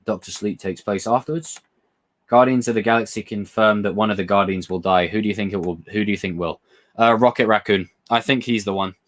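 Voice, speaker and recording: A young man chats live with his audience in a slightly low voice. He rambles from one thought to the next, gets excited easily and swears without a second thought. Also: brisk. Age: young adult. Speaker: livestream host reading chat questions. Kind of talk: casual live chat.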